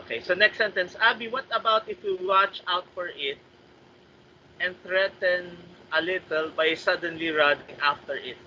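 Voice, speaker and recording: A man with a Filipino accent, a writing workshop trainer giving polite feedback over a video call, switching between English and Tagalog. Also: high-pitched. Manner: polite, mixes English and Tagalog, reads sentences aloud slowly. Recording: slightly muffled call audio with faint noise.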